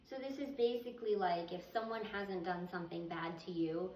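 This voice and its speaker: A woman's voice: fairly low pitch, steady tone, moderate pace, darkish tone, a little hiss or hum. A woman reading Bible verses aloud and explaining them in an earnest, conversational teaching style. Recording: echoey, distant, slightly muffled.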